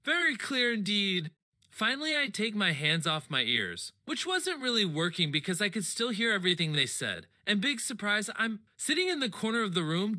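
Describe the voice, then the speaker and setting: A man reading a story aloud in the first person, in an animated, expressive way. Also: sits high. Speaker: audiobook reader.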